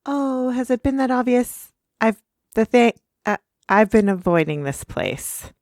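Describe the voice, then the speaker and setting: A woman doing a frazzled, squeaky cartoon pony princess. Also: animated, a little slow, a little mellow, no room sound, clean studio sound. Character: anxious, bookish young female pony princess. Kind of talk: reading cartoon dialogue aloud.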